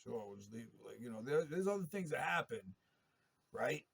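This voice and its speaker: Gravelly, husky man ranting. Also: mid-range voice, sing-song, moderate pace, a bit bright. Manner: profane, agitated, rambling. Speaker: interviewee telling his story. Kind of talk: rambling monologue.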